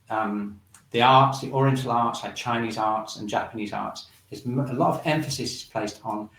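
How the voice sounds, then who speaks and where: A man leads a shiatsu class, calmly talking listeners through breathing and acupressure exercises. His voice sits in an ordinary middle pitch. It is picked up from a distance, with a roomy echo around it. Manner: calm instructive, guiding along with the movements. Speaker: shiatsu teacher. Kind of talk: guided breathing and movement class. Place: room in a shiatsu centre. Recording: roomy sound, mic at a distance.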